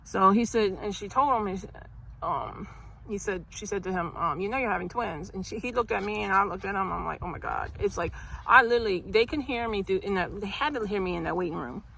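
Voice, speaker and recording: A middle-aged woman tells her own birth story in a loose, casual vlog. Her voice is gravelly with a bright, forceful edge, and she rambles, restarts and sighs as she goes. Faint background noise sits under the recording. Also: mid-range voice, a little fast, rough recording.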